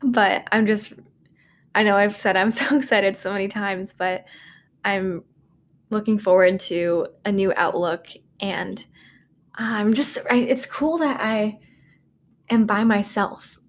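A woman's voice: mid-range voice, fairly even intonation, slow pace. A woman in her twenties hosting a casual solo podcast from her dorm room, rambling and self-deprecating, with lots of "like" and "um". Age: 20s. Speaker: podcast host.

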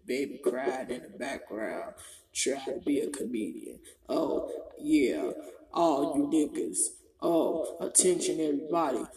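A woman comedian doing a loud, profane comic rant to an online audience, often breaking into laughter. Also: extremely low pitch, big pitch swings, unhurried. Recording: roomy echo, distant mic, faint music behind.

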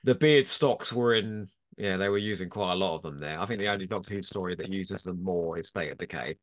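A man co-hosting a casual panel podcast, playful and quick to laugh. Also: low-pitched. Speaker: podcast co-host.

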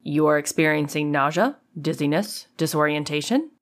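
A calm alien man states facts in a flat, clinical way, as a woman narrator reads him. The voice sits low and even. This is an audiobook read. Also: moderate pace, close to an everyday voice. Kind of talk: audiobook character reading.

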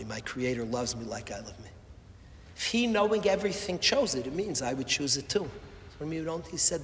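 A man preaches with impassioned repetition, swinging between loud appeals and hushed words. His voice sits a little high. The sound rings out in a large echoey hall with faint ambience. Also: slight background noise. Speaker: rabbi or Torah speaker. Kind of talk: emotional sermon.

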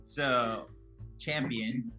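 A man's voice: medium pitch, fairly even intonation, drawn-out words, sharp tone, faint music behind. A man telling a heartfelt personal story as a guest on a podcast, in casual conversation. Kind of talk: casual interview chat.

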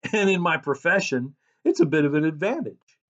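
A man preaching a sermon as a pastor, reading scripture and describing himself as a loud person. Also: fairly high pitch, very animated, brisk, lo-fi sound.

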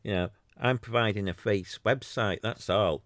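On his solo podcast, a man who runs a free website rambles through an exasperated, sarcastic rant full of restarts, mimicking others in put-on voices. His voice is lowish and fairly bright, at a moderate pace, captured dry with studio quality.

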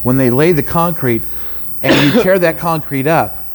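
A man chatting casually as co-host, telling family stories and getting animated when he quotes people. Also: on the high side, normal speed. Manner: storytelling, animated when quoting others. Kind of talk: casual chat. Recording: faint background noise.

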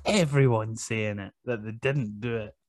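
A man's voice: lowish voice, unhurried, dry recording. A man, co-hosting a casual podcast chat, joking and laughing often. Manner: laughs often, jokey and rambling. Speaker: podcast co-host.

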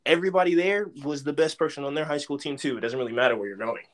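A man's voice: fairly high pitch, racing. A young man from Dallas, a former college football player, casually telling stories in a podcast interview and acting out what people said. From Dallas, Texas. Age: young adult. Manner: animated storyteller, acts out quotes loudly.

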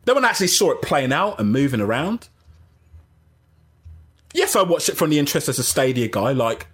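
A man hosting a casual gaming livestream, rambling and animated, often interrupting himself. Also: medium pitch, moderate pace, pauses often, slightly rough. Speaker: gaming channel host.

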